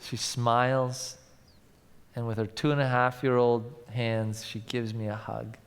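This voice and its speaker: A male pastor preaching a sermon, telling stories and swinging from loud to hushed. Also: medium pitch, little pitch movement, unhurried, smooth. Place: large church. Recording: long church hall reverb.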